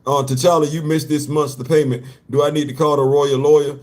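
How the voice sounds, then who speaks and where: Guy playing a fed-up baby mama chasing late payments, sassy, kinda quick. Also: a little high, level tone, fairly bright tone, close to an everyday voice. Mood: demanding. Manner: sassy, demanding, mock-formal accent. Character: exasperated single mother demanding payment from ex.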